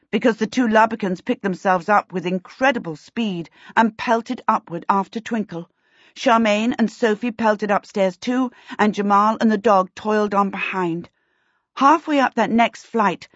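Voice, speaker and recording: A woman's voice: medium pitch, no echo. Woman narrating a storybook, dry sound. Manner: measured, expressive storytelling. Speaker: audiobook narrator. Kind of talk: scripted narration. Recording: dull dry lo-fi recording.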